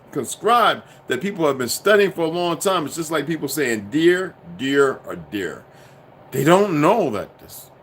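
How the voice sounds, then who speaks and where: Profane rambling man livestreaming. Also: a little hiss or hum. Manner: profane, rambling, swings from low muttering to loud outbursts. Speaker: livestream host. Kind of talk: casual livestream monologue.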